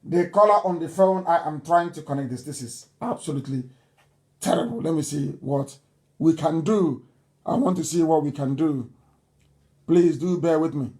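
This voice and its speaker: A man giving a live radio address and taking calls, forceful and repeating himself as he pleads with listeners. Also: a little high, normal speed.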